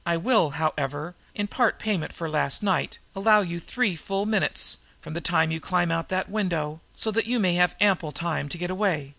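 A man's voice: sits high, moderate pace, creaky, few pauses, no echo, exaggerated voice. A man doing a cool, defiant young woman thief. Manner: cool and steady.

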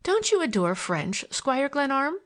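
A teasing young woman chatters at a quick, breathless clip, mocking and light, as a woman reader voices her. Her voice leaps high and swings widely from phrase to phrase. It is an audiobook character with a lively lilt.

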